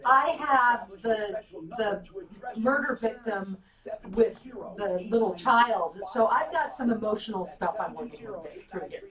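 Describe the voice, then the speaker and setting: A woman's voice: medium pitch, animated, a little slow. A woman co-hosting a radio show, bantering casually and teasing her colleagues. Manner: chatty, teasing, laughs easily. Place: radio studio. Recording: echoey, distant, lo-fi, with crowd chatter.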